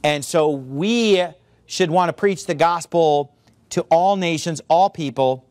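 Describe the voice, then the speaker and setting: A man preaching a sermon in an informal, animated way, full of asides to the room and quick mimicry. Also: on the high side, no echo. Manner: informal filler-heavy delivery.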